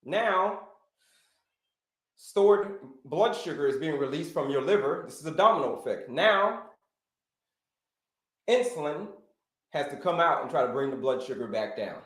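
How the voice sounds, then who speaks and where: A man hosting a live stream as a health coach, talking in an animated way, repeating his phrases and calling his viewers folks. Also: a little high, unhurried, long pauses, reverberant.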